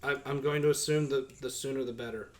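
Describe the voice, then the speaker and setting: A man running a tabletop game online as game master, talking in a relaxed, meandering way with many fillers. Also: mid-range voice, fast talker.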